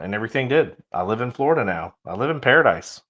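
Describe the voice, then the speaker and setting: A man co-hosting a podcast, chatting in a relaxed, conversational way and clearing his throat now and then. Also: medium pitch, quick pace, few pauses, highs cut off. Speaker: podcast co-host. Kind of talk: casual chat.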